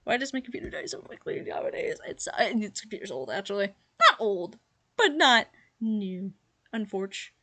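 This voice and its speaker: A woman's voice: medium pitch, very animated, brisk, pushed and bright. A young woman giving casual reaction commentary, giggly and rambling with lots of fillers. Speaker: YouTuber reacting to her old videos.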